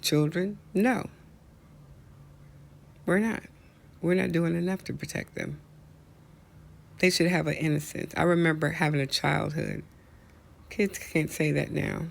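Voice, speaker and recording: Male host, impassioned solo rant, gravelly voice pitched slightly high, preachy. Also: steady tone, unhurried, long pauses. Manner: outraged, preachy, rhetorical questions. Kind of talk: impassioned monologue.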